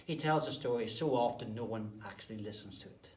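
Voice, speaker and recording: A man, a teacher, telling a story to children, swinging between whispered asides and sudden loud bursts. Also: lowish voice, brisk. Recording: roomy, distant mic, faint background noise.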